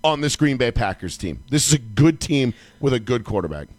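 A man co-hosting a sports podcast, chatting excitably and emphatically, with some swearing. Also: mid-range voice, a little fast, dry recording. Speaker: podcast co-host. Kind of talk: casual sports chat.

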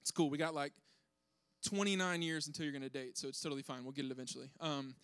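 A young man telling a funny family story to an audience, animated and self-deprecating, acting out his kids' voices. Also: on the high side, fast, clean tone, no echo.

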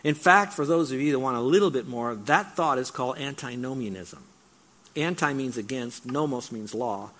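A middle-aged male pastor preaching an expository sermon, animated, with voiced asides and emphatic repetition. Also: mid-range voice, normal speed.

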